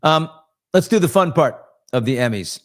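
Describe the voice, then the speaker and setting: A man's voice: a little high, expressive, normal speed. A man hosting a casual morning chat show, gossiping about celebrities in a chatty, loose way. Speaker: host.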